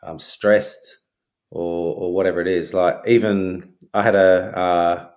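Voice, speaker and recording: A middle-aged man with a very low voice tells stories from his own life. He talks as an interview guest, frankly and loosely, full of ums and restarts. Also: steady tone, slow pace, darkish tone. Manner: frank, anecdotal, many fillers and restarts. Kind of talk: reflective storytelling.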